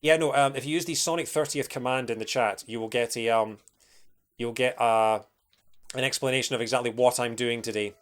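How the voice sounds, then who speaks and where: A young Scottish man talks off the cuff during a gaming livestream. He rambles, restarts his sentences and fills the gaps with ums and uhs, and his pitch sits in an ordinary middle range. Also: steady tone, brisk. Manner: rambling, chatty, many fillers and restarts. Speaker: streamer. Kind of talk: casual livestream chat while playing.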